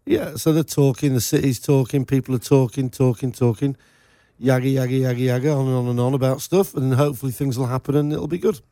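Mellow-voiced jokey radio co-host man. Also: medium pitch, quick pace, few pauses, no room sound. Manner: lively, jokey, animated banter. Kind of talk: casual local radio chat.

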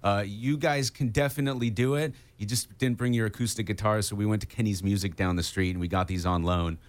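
A man with a low voice hosts a casual radio interview. He is chatty and enthusiastic, and he fills his pauses with uhs as he talks to his guest. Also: steady tone. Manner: chatty, enthusiastic, lots of fillers. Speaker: radio host.

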